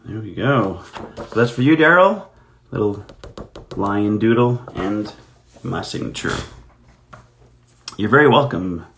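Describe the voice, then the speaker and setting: A man's voice: on the low side, animated, slow, vocal fry, pauses often, fairly bright tone, slight background noise. A man, an actor, chatting casually on a live stream while signing autographs, telling anecdotes in a self-deprecating way.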